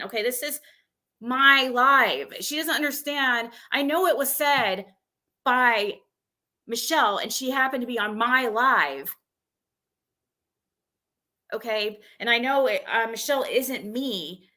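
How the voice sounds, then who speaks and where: A woman's voice: a little high, sharp tone. A woman streamer venting, recounting an argument in an agitated rush with frequent restarts. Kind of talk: venting live stream monologue.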